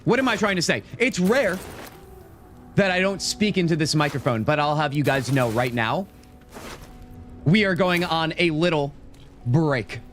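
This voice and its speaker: A man with an American accent hosting a casual gaming livestream, animated and chatty with his viewers, a bit out of breath. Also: a little high, a little hiss or hum. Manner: animated, talks fast and chatty to viewers, says "dude" often. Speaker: livestream host. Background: faint game and tavern music.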